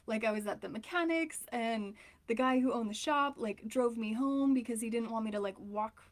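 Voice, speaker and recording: Speaking to camera in a casual personal talk, a relationship coach in her thirties uses a higher-pitched voice at a moderate pace. She is candid and emotional, rambling with frequent fillers.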